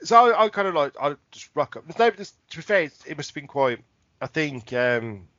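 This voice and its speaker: A man's voice: on the high side, very animated, brisk, bright, forceful tone, no echo, muffled recording. Male podcast co-host, rambling swearing storyteller, dry room. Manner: rambling anecdote, frequent laughter and swearing. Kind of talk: casual chat.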